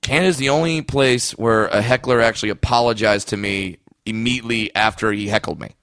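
A man's voice: on the low side, fairly quick, vocal fry, fairly bright tone, dry recording. Joking male podcast co-host. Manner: joking, crude banter. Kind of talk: casual podcast chat.

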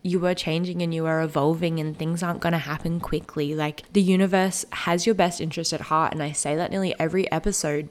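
A woman in her twenties hosting a solo podcast, talking in an earnest, heartfelt and reassuring way. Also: lowish voice. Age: 20s. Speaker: podcast host. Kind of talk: solo reflective podcast monologue.

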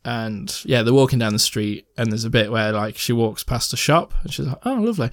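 A man's voice: mid-range voice, fairly even intonation, moderate pace, dry recording, studio quality. A young man chatting casually about films as a podcast co-host, rambling and swearing, laughing often. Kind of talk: casual film chat.

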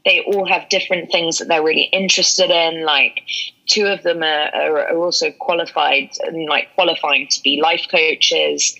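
A woman's voice: deep voice, fairly even intonation, moderate pace, vocal fry, pushed and bright. A woman from London, an actress and mentor, talking candidly and with emphasis in an interview, laughing often. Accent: London English. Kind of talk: casual interview talk. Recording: dull lo-fi audio.

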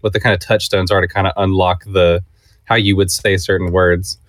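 A man co-hosting a podcast, chatting in an easygoing way and thinking out loud. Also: low voice, level tone, a little fast, dry recording. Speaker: podcast co-host. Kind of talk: casual chat.

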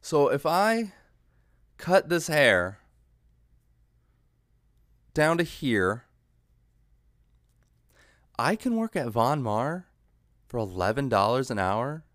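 A man's voice: mid-range voice, big pitch swings, takes it slowly, long pauses, fairly bright tone, dry recording, studio quality. A young man hosting a podcast, ranting in a comedic monologue, profane and sarcastic with an exasperated edge. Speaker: podcast host.

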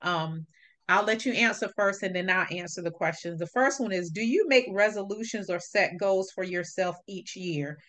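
A woman's voice: mid-range voice, moderate pace, a bit bright. A woman hosting a casual chat, emphatic and agreeable, moving through prepared questions. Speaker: host.

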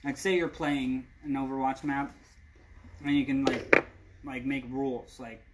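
A man's voice: mid-range voice, level tone, measured pace, heavy background noise. A man co-hosting a casual chat show, easygoing, chiming in with short replies and leading new topics.

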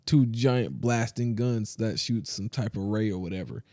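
A man co-hosting a podcast in casual chat, telling stories in an animated, slangy way with lots of fillers, speaking close to the mic. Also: on the low side, moderate pace, dry recording. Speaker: podcast co-host.

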